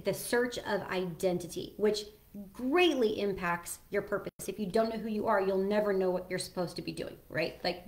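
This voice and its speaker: Earnest woman host, casual direct-to-camera chat, mid-pitched voice, loose and chatty. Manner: chatty and earnest, with many ums and self-corrections. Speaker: host sharing personal advice. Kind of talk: casual solo talk to camera.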